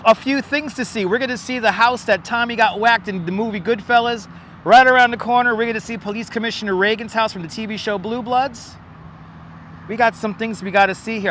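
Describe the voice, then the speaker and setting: A man's voice: sits high, fairly bright tone. A man livestreaming as he walks the streets outdoors, chatting and joking with viewers on a clip-on mic. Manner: chatty, thanks viewers, jokey asides. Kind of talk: casual live vlog chat. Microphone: wireless clip-on mic. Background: traffic and city ambience.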